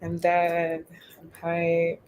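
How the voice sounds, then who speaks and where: A young woman hosting a casual livestream from her bed, chatting in an excitable, slangy way and calling her viewers "y'all". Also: fairly low pitch, very slow, a little hiss or hum. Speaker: livestream host. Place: in bed at home.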